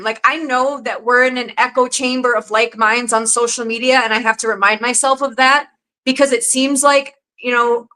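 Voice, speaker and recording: A woman's voice: high-pitched, bright, forceful tone, low-quality recording. A woman hosting a casual talk show, speaking bluntly and with exasperation, swearing freely. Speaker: podcast host. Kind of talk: casual chat.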